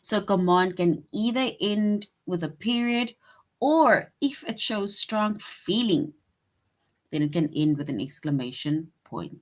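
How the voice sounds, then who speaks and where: Slow-speaking patient female teacher. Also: mid-range voice, lively intonation. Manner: patient, repeats "right?" after each point. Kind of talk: online grammar lesson for young children.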